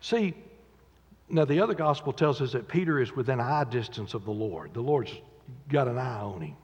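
A man's voice: mid-range voice, animated, normal speed, husky. Dramatic preacher man in an echoey church. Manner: dramatic, acts out quotes, swings from loud to quiet. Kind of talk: sermon. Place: church sanctuary. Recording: dull echoey church recording with long reverb.

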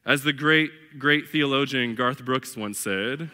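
A man's voice: mid-range voice, measured pace, sharp tone. A male pastor preaching a sermon with emphatic, conversational delivery, breaking into slangy, humorous asides and calling the congregation beloved and family. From northern United States. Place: church sanctuary. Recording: long hall reverb.

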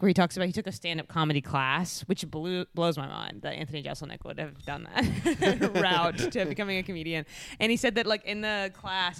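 A woman's voice: fairly low pitch, a bit bright, clean tone, dry recording. A woman in casual conversation, rambling and self-deprecating with lots of fillers. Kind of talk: casual chat.

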